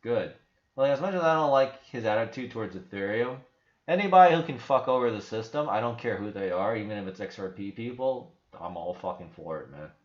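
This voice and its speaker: A man's voice: fairly low pitch, lively intonation, a little fast. A man hosting a casual livestream with rambling, profane talk full of restarts. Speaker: crypto channel host. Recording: roomy, slightly dull sound.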